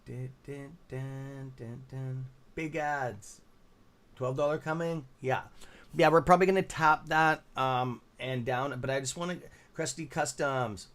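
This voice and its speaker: A man's voice: a little high, unhurried, a bit bright. A tired man with a Canadian accent hosting a live stock-trading stream, rambling with many fillers as he reads out chat names. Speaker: livestream stock trading host. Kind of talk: casual live-stream commentary.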